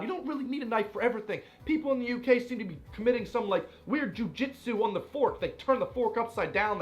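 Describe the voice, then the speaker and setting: Animated young American man, lively pitch. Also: fast talker, few pauses, faint music behind. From United States. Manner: animated, playful, exaggerated complaints. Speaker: YouTuber living abroad. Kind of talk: comedic vlog commentary.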